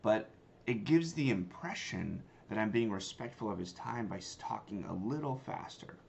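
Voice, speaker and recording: With a fairly low, gravelly, slightly mellow voice, lively intonation and a moderate pace, a sales trainer and company founder explains cold calling casually and emphatically, like a conversation. The instructional talk features demo lines and comes through slightly dull lo-fi audio with faint noise.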